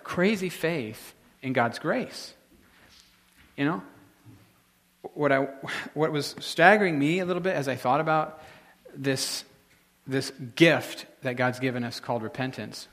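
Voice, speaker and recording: Male pastor, mid-pitched, chatty sermon delivery with lots of self-corrections. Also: fairly bright tone. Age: adult, married. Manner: conversational, halting with many restarts.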